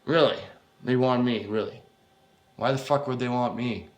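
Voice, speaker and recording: A man's voice: medium pitch, normal speed, pushed and bright, roomy sound. A man voicing a bitter, worn-out young man who answers bluntly, exasperated and swearing at every turn. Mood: incredulous.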